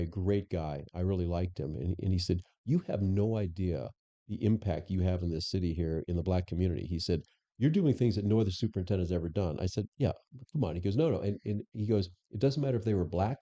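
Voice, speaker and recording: In dull, lo-fi podcast audio, a man who once served as police chief speaks candidly as an interview guest, sharing anecdotes and often starting his sentences over. His voice is low-pitched and dark, and he talks a little fast. He is a former police superintendent looking back on his experiences.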